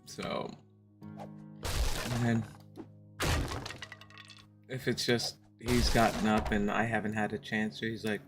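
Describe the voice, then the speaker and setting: A woman's voice: extremely low pitch, little pitch movement, takes it slowly, long pauses, over music. A woman streaming a game, chatting casually with her viewers, laughing often and telling stories from home.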